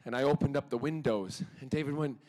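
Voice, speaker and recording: A man's voice: medium pitch, a little mellow. Playful man telling stories on stage. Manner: playful, theatrical, quick to laugh. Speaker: guest actor at a fan convention panel. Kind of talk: animated anecdote telling to a crowd. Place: convention hall stage.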